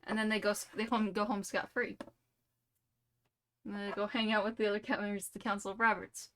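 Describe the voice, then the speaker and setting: A woman's voice: medium pitch, level tone, a little fast, a bit bright, slight background noise. A young woman streamer telling a rambling, playful made-up story full of "like" and "you know".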